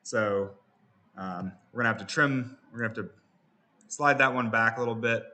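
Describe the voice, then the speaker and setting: Bright-voiced male production instructor. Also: medium pitch, normal speed. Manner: relaxed, many fillers and restarts. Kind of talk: software tutorial.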